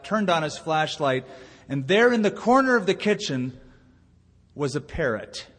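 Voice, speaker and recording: A man's voice: fairly high pitch, a bit bright. Man preaching in a reverberant hall. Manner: storytelling preacher, rising to emphatic delivery. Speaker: pastor. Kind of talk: sermon. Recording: long reverb of a church hall.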